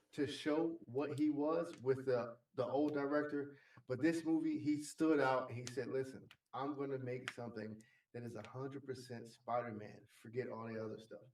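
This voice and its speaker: Reflective man, echoey room. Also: on the high side. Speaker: podcast co-host. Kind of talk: casual podcast chat.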